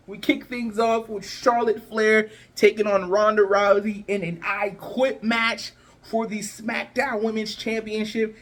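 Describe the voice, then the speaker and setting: A man's voice: high-pitched, fairly bright tone. A man vlogging his predictions in a loose, chatty way, full of fillers and restarts, his voice cracking a little. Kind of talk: casual chat to camera.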